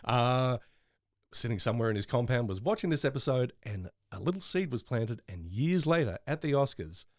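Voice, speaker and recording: A man's voice: mid-range voice, expressive, moderate pace, no room sound, clean studio sound. A man co-hosting a casual podcast, joking and wandering into asides. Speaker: podcast co-host. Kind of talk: casual chat.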